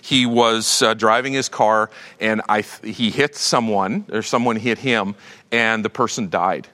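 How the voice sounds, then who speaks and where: A man's voice: fairly low pitch, fairly even intonation, unhurried, sharp tone. A middle-aged man preaching a sermon in a conversational, self-deprecating way, with restarts and little laughs. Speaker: pastor.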